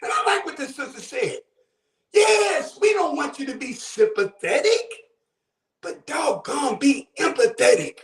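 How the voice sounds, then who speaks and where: Man from Buffalo, very high voice, fervent preacherly caller, echoey room. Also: very animated, a little slow, distant mic. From Buffalo, New York. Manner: fervent, preacherly, often raises his voice. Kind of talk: impassioned call-in commentary.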